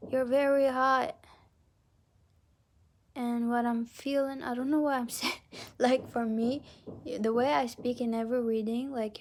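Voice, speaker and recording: A woman giving a casual pick-a-card reading, talking haltingly with lots of restarts and often slipping into a whisper. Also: fairly high pitch, vocal fry, a little mellow. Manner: often drops into a whisper mid-sentence. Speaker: tarot card reader.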